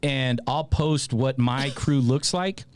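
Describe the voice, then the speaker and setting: A man hosting a podcast, telling a long story in a casual, animated way, with a lot of swearing and laughter. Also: mid-range voice, slow, no echo. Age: adult with a child. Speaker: podcast host.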